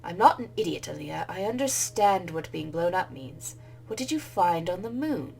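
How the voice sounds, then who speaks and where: A woman voicing a stern, impatient older woman professor who asks sharp, demanding questions. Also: on the low side, animated, moderate pace, vocal fry, a little hiss or hum, low-quality recording.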